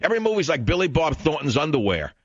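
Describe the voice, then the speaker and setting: A man's voice: fairly high pitch, very animated, fast, husky, dry recording, highs cut off. A man hosting a talk radio show, ranting and sarcastic in a combative monologue.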